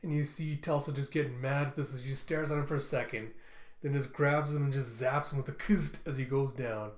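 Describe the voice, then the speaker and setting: A man's voice: medium pitch, steady tone, a little fast. Brief: casual male comic reviewer, chatty retelling, roomy sound. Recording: roomy echo.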